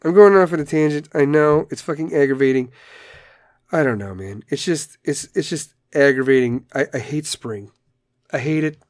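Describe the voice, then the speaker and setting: A man's voice: a little high, normal speed, darkish tone, no echo, clean studio sound. A man hosting a casual solo podcast, ranting in a rambling, profane way and telling dad jokes. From Chicago area. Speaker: podcast host.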